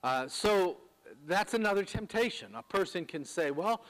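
Higher-voiced male pastor preaching. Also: animated, a bit bright. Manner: measured teaching with frequent uh fillers and repeated words. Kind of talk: sermon.

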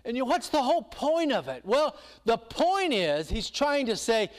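A man's voice: very high-pitched, normal speed, few pauses. A man preaching a sermon, telling a story with energy and acting out the quotes. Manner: animated storytelling, acts out quotes.

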